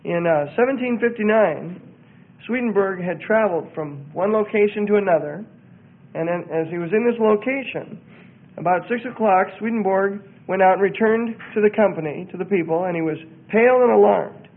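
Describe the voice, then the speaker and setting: Male preacher, high-pitched, emphatic and repetitive, heard over tinny phone-like audio. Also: moderate pace. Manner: emphatic, repeats words for effect. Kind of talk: sermon-style teaching on a religious group.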